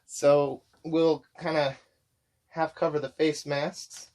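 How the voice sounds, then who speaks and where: A man chatting to camera as he shows off a shopping haul, enthusiastic and gushing, his voice getting hoarse. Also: on the high side, flat delivery, slow pace, darkish tone. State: voice going hoarse. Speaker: vlogger showing a shopping haul. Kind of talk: casual chat to camera.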